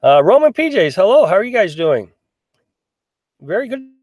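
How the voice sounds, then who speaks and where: A man's voice: sits high, very animated, normal speed, a little mellow, no echo. A middle-aged man hosting a casual live stream, reading out viewer comments and answering them in a chatty, rambling way. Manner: chatty, rambling, many restarts and fillers. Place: in a small pop-up camper.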